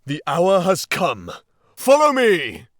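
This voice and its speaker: A man's voice: on the low side, animated, takes it slowly, a little mellow, no echo, clean studio sound. A man voicing a placid, commanding male badger who leads his friends. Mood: rallying. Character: stout gruff male badger, calm leader.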